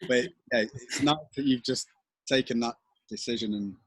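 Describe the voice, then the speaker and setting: A man from the wine trade speaking on a video call, hesitant and thoughtful, with halting restarts. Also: medium pitch, slightly rough, no echo, low-quality recording. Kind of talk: casual chat on a video call.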